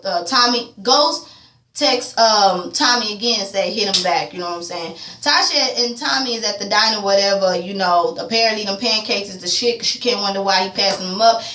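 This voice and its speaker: Animated woman in an echoey room. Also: medium pitch, a little fast. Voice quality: animated, profane, slangy. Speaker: TV recap vlogger. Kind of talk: casual TV episode recap. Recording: echoey room, distant mic.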